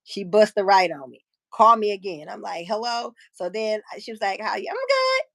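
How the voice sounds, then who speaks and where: A woman in her fifties hosting a live stream, telling a personal story in a frank, profane, animated way and acting out what people said. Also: medium pitch, normal speed, vocal fry, no echo. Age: 50s. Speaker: livestream host. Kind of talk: casual storytelling chat.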